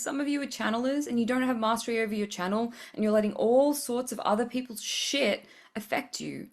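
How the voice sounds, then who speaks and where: A woman hosting a spiritual podcast, giving a blunt, profane tough-love pep talk with frequent laughs. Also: on the high side. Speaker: podcast host.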